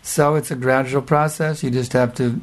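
A man giving a spiritual lecture, speaking in short phrases and pausing for an interpreter. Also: mid-range voice, steady tone.

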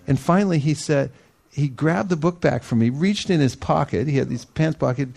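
A man giving a storytelling sermon, animated, acting out the people he quotes and laughing often. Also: fairly high pitch, moderate pace, gravelly. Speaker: devotional speaker.

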